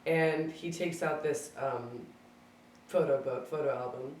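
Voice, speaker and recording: A speaker telling a personal story in a casual, chatty way, acting out quoted dialogue and filling pauses with "like". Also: mid-range voice, darkish tone, far from the mic, a little hiss or hum. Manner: chatty, acts out quoted dialogue, many fillers of "like". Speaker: speaker sharing a memory at a gathering. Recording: roomy sound from away from the mic.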